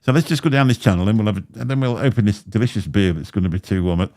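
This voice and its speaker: Man, very low pitch, slight lisp, rambling chatty host. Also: lively intonation, very fast, warm tone. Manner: rambling, chatty, laughs often. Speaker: livestream host. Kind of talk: casual chat. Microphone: desk microphone.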